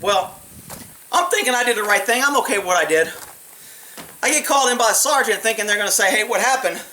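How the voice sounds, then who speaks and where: Blunt, bright-voiced man telling cop stories. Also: high-pitched, quick pace, a little hiss or hum, poor audio. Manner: blunt, profane, animated retelling with acted quotes. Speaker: former police officer telling stories. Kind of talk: casual storytelling monologue.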